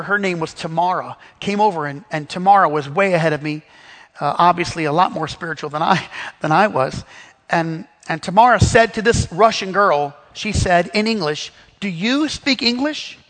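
Male preacher from the Midwest, halting delivery with restarts, pitched high, echo trailing off in a long hall. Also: a bit bright. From Missouri, US Midwest. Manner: halting, full of restarts and fillers. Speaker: Bible study teacher. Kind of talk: sermon-style storytelling.

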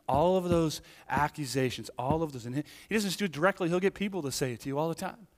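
Fervent pastor with a ringing hall echo. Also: male voice, on the high side, a little fast. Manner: animated, swings from hushed to emphatic, frequent restarts and "right?". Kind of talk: sermon. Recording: hall reverb.

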